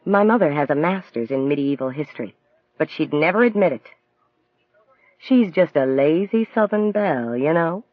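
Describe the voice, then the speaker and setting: Man reading young Southern woman in an audiobook, soft and teasing, light drawl. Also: on the high side, animated, fairly quick, no room sound, highs cut off, natural voice. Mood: wry, teasing. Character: bright, direct young woman student from the South.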